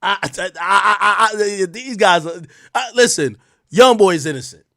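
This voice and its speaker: Young guy ranting on his commentary show, high bright voice, super animated, dry close mic. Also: measured pace, creaky, no room sound. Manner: animated, mocking, swings from loud outbursts to low asides. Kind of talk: sarcastic news commentary.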